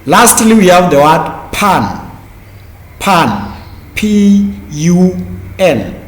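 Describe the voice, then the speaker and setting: A man teaching a class, speaking slowly and deliberately, repeating key terms and spelling words out letter by letter. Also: high voice, sing-song. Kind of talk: classroom lecture. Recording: echoey room with long reverb.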